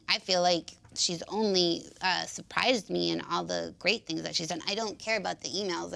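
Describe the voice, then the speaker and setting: A young woman guest with an unusual speaking voice chats casually in an interview, restarting her sentences with fillers. Her voice is on the low side, gravelly, with a fairly bright tone.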